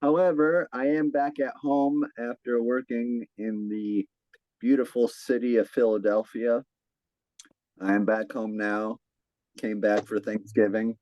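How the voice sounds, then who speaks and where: Slow-talking, upbeat male podcast host. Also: mid-range voice, fairly even intonation, muffled recording. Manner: upbeat, laughs often, stumbles over words. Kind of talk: casual podcast chat. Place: at home.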